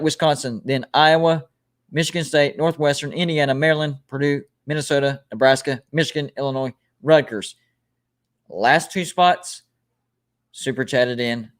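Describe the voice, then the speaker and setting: Rambling man hosting a sports livestream. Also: medium pitch. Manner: rambling, self-correcting, reads out ranked lists. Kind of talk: casual live-stream chat, reading viewer comments.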